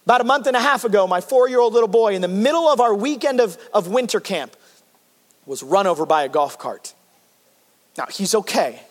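A man preaching a heartfelt sermon with a high, bright-pitched voice. His delivery swings from loud, emphatic peaks down to quiet, tender passages. The sound carries a long reverb from a large church hall. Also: expressive, fairly quick. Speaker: pastor.

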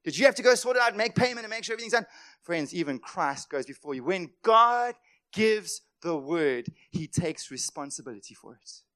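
Male pastor, high-pitched, passionate sermon delivery with sharp loud-soft swings. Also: sing-song, brisk. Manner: impassioned, swings between loud emphatic lines and quiet asides; acts out voices of worried people.

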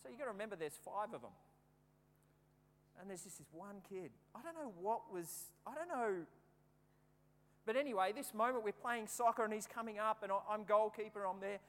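High-voiced preacher, echoing hall. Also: male voice, moderate pace. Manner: lively anecdotal storytelling, acting out the scenes. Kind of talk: sermon with humorous personal stories. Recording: long hall reverb, faint background hum.

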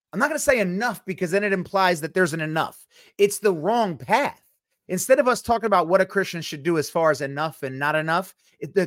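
A man makes his points on a faith podcast with emphatic, deliberate delivery, repeating key lines for effect. His voice sits a little high for a man. The recording is dry, close and free of room sound. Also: a bit bright, dry recording. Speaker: podcast co-host. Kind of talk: casual Christian podcast talk.

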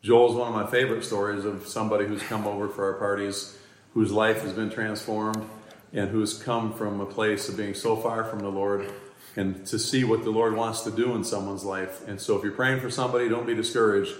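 Low, flat-voiced man in an echoey room. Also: brisk, a little hiss or hum. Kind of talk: short recorded testimony. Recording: roomy echo.

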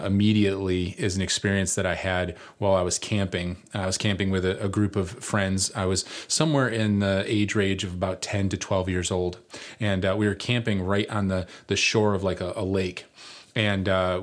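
A man preaching as lead pastor, telling a story in a casual, rambling way with fillers. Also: low-pitched. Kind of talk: storytelling sermon.

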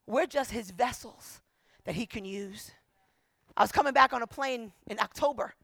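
A woman pastor preaching a sermon, telling a story with animated quoted voices and emphatic repetition. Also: a little high, normal speed, no echo.

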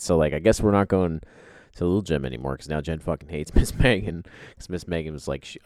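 Deep-voiced man, rambling profane storytelling. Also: quick pace, darkish tone, dry recording. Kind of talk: casual storytelling.

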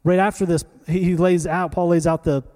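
A male pastor with a high-pitched voice preaches briskly in a conversational, animated manner, acting out little scenes as he goes.

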